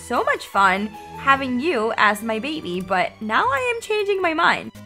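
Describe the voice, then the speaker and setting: A young woman hosting her gaming channel, giggling and excitable as she chats to viewers while she plays. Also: high-pitched, a little slow, faint music behind. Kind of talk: bubbly game commentary.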